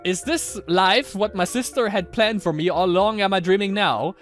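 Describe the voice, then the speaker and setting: A man's voice: sits high, normal speed, soft background music, lightly acted. A man voicing a haughty young Roman emperor with grandiose, theatrical delivery, reading game lines aloud.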